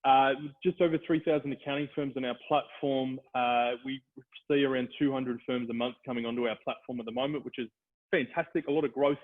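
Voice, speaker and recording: A man's voice: mid-range voice, brisk. Upbeat Australian man over a tinny line. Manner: upbeat, energetic salesman delivery. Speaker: software company presenter. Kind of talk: webinar product presentation. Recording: tinny phone-like call audio.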